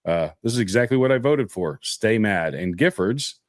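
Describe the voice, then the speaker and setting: A man's voice: lowish voice, animated, moderate pace, no room sound, clean studio sound. A man co-hosting a casual political podcast, reading news stories aloud with many fillers and restarts.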